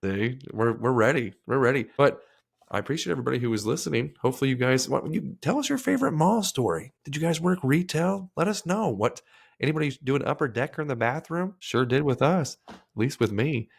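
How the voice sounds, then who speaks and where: A man's voice: medium pitch, lively intonation, brisk, vocal fry, slightly rough. A podcast host in casual banter, crude and jokey, acting out the voices in his anecdotes.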